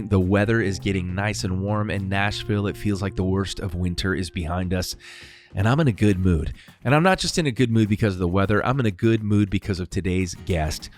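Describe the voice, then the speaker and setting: A middle-aged man hosting his podcast, upbeat and enthusiastic, reading an ad and chatting with a guest. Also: fairly low pitch. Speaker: podcast host. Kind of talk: casual chat and read ad.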